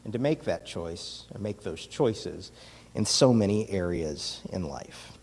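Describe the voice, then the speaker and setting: Slow, deep-voiced man in a reverberant church. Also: expressive, a little mellow, breathy edge. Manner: reflective, with many pauses and fillers. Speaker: communion meditation leader. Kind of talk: communion talk and prayer. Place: church sanctuary. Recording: long hall reverb from a distance.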